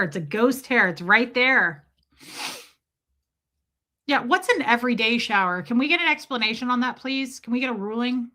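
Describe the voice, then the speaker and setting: A woman's voice: a little high, normal speed, pushed and bright. A woman hosting a livestream, chatting casually and profanely as she tells jokey stories and reacts to chat. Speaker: livestream host reading chat.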